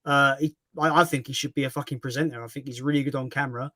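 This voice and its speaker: A man's voice: mid-range voice, fairly even intonation, fast, sharp tone, no echo. A man with a British accent in a casual livestream chat, speaking candidly, swearing freely and poking fun at himself. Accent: British English.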